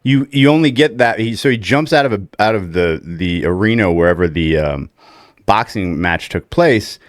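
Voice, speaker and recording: A man's voice: fairly low pitch, lively intonation, moderate pace, no room sound, clean studio sound. A young adult man co-hosting a casual film chat, animatedly retelling scenes and laughing as he goes. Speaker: podcast co-host.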